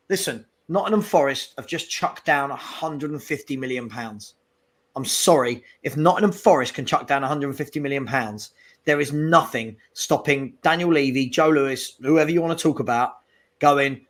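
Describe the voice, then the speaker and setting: A man's voice: mid-range voice, moderate pace, a bit bright. A man co-hosting a live football fan show, talking animatedly and calling out trolls in the chat. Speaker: co-host.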